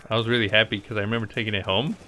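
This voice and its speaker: A man's voice: on the low side, steady tone, racing, pushed and bright, slight background noise. A man casually telling a childhood story while playing a video game, rambling and breaking off to react to the game. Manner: rambling, chatty, with laughs and asides to the game. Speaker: gaming channel host. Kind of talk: casual gameplay commentary with storytelling. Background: faint game music.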